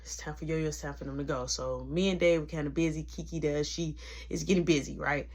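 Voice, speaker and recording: A woman's voice: sits low, a little fast. Slangy woman telling a workplace story. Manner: animated, slangy, breaks into quoted voices. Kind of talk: casual storytime vlog.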